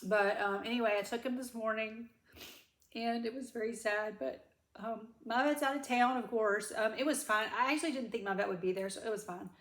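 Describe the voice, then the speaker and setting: A woman's voice: a little high, a little fast, fairly bright tone, echoey room. A woman, crying as she gives a rambling personal update to her viewers. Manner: rambling, self-correcting, Southern "y'all". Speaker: vlogger. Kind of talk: tearful personal update to camera.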